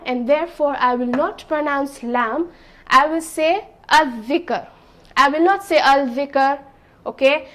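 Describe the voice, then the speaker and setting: A woman with a high voice gives a beginner's language lesson. She talks slowly and patiently, repeating each point and often checking with "okay?". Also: fairly bright tone. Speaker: Arabic teacher. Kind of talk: slow classroom explanation.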